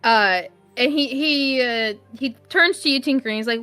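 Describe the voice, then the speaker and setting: A woman narrating as game master of a tabletop game, unhurried and hesitant, with many fillers. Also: high-pitched, pushed and bright, clean tone, soft background music.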